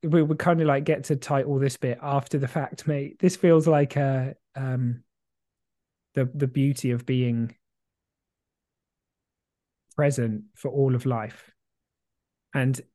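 Male podcast co-host, mellow and rambling, dry close mic. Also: mid-range voice, little pitch movement, slow, pauses often, no room sound. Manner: rambling, reflective, many fillers and restarts; swears casually, laughs easily. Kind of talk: casual chat.

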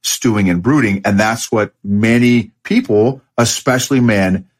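Male guest, lowish voice, emphatic, repeats points. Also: measured pace. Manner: emphatic, repeats key phrases. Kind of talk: casual interview.

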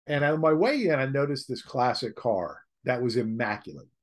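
A man's voice: medium pitch, normal speed. A man who is an author, telling a blunt, joking story in an interview and acting out the people in it. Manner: lively, joking, acts out quoted people; blunt, slangy.

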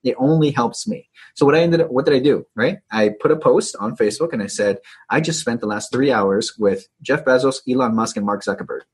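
A man's voice: mid-range voice, a little fast, husky. A man being interviewed as a digital agency coach, talking with energy and often tagging his sentences with "right?". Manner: energetic, tags many phrases with "right?". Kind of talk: casual interview talk.

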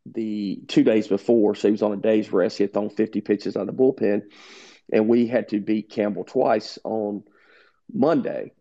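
Gravelly low-voiced man telling coaching stories. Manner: animated storyteller who acts out quoted dialogue. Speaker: head baseball coach. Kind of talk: interview storytelling. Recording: dull lo-fi sound.

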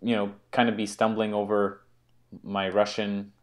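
An American man co-hosting a casual chat, talking in a halting way as he searches for his words. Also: lowish voice, little pitch movement. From United States. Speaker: co-host.

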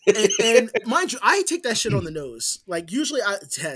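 A man co-hosting a casual podcast, telling stories in an animated way, swearing freely and swinging between loud bursts and hushed asides. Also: sits high, normal speed. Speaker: podcast co-host. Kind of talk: casual chat.

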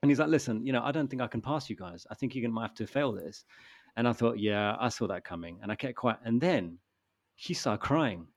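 A man in his thirties hosting a casual chat, telling a story in a relaxed way and acting out the quoted lines. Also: mid-range voice, fairly quick. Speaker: podcast host.

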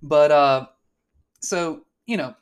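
A man's voice: a little high, slow, clear, resonant tone. A man co-hosting a casual political chat, blunt and swearing often, with lots of fillers and restarts. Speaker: podcast co-host.

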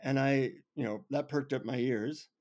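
A man on an interview show telling a funny personal story with lively, self-mocking humor. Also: medium pitch, moderate pace. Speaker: guest. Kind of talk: anecdotal storytelling.

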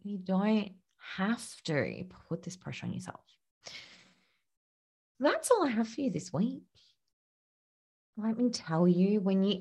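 A woman's voice: mid-range voice, huge pitch swings, takes it slowly, long pauses, a little mellow, breathy edge. A woman hosting her own podcast as a coach, talking encouragingly to listeners, laughing often and sometimes dropping to a near-whisper. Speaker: podcast host and business coach. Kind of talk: solo podcast talk.

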